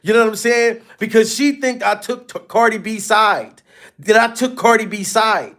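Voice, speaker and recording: High-voiced man, dramatic gossip commentary. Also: moderate pace, sharp tone. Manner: dramatic, talks straight to viewers. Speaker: commentary channel host.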